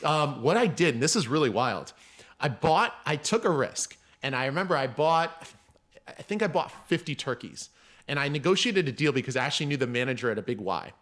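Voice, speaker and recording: A man guesting on a podcast, telling a story in casual chat and acting out the people he quotes. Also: brisk. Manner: animated, acts out quoted people with raised pitch. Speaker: podcast guest, mindset coach.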